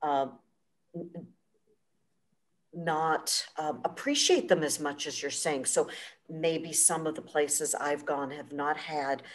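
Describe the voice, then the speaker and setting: Brief: female podcast co-host, deep voice, halting, feeling for the right words. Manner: hesitant, searching for words. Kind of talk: interview conversation.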